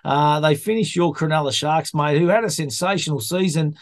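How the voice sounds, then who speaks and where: A chatty Australian man hosts a casual sports chat, his voice sitting a little high. He tells yarns and calls everyone mate. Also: a little fast, dry recording. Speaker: podcast host.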